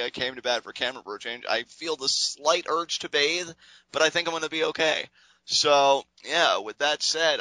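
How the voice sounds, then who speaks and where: An animated, sarcastic man co-hosting a casual podcast, his voice very bright and forward. He sounds dry and close to the mic, with no room around him. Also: a little high, no echo, poor audio. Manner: animated, sarcastic, laughs often. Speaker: podcast co-host. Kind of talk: casual wrestling podcast chat.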